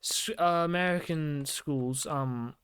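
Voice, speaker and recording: A man's voice: on the high side, slow pace, a bit bright, clear, resonant tone, no echo. A young man co-hosting a casual chat while gaming, rambling with many fillers. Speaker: podcast co-host.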